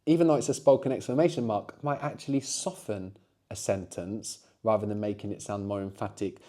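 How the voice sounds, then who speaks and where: Mellow-voiced man teaching a language. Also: on the low side, a little fast. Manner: explanatory, frequent tag questions. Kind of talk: guided language lesson.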